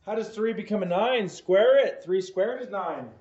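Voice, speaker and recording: Here a man with a high, light voice gives a math homework lesson at a moderate pace, sounding a little mellow. Playful, jokey quizzing of the listener runs throughout, and the dull lo-fi audio carries an echo.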